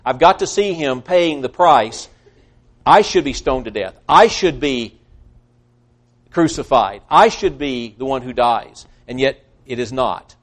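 A man preaching a sermon earnestly, swinging between loud emphasis and hushed, quiet passages. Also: mid-range voice, expressive, unhurried. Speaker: pastor.

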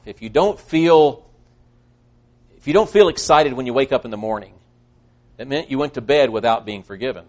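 A man preaching a sermon earnestly, swinging between loud emphasis and hushed, quiet passages. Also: medium pitch. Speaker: pastor.

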